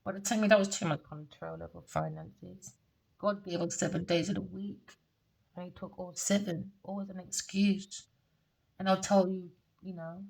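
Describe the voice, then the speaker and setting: A woman's voice: lowish voice, fairly even intonation, normal speed, creaky, a little mellow, rough recording. A British woman giving an unscripted tarot reading, talking in a blunt, raw, confessional way and swearing freely. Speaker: tarot reader.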